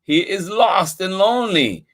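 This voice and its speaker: A man's voice: sits high, sing-song, a little slow, a bit bright, voice pushed up, full character voice. A man voicing Charlie, an eager, earnest little boy in a picture book, in a raised, childlike voice.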